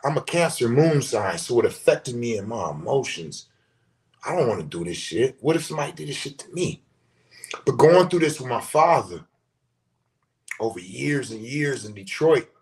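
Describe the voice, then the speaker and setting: A middle-aged man with a notably high voice tells stories on a podcast in a loose, profane way. He keeps things animated, slipping into the voices of the people in his tale. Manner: profane, animated storyteller who acts out quotes. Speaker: podcast host. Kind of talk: casual storytelling.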